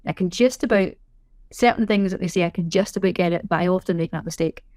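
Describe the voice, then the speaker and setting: A woman's voice: on the low side, fast, a little mellow, dry recording, clean studio sound. A middle-aged woman, a sign language interpreter, explaining things in casual interview chat. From Scotland. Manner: chatty, self-correcting, explanatory.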